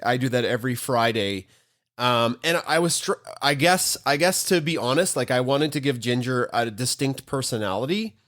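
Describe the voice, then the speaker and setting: A man's voice: mid-range voice, lively intonation, normal speed, a bit bright. A man co-hosting a casual live pet chat show, joking and laughing often. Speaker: podcast co-host.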